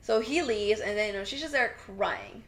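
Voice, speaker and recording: A woman's voice: mid-range voice, normal speed. A young woman co-hosting a podcast, retelling a TV episode in casual chat, acting out the characters' lines and saying "like" a lot. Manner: animated storytelling, acts out quotes, many "like" fillers. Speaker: podcast co-host.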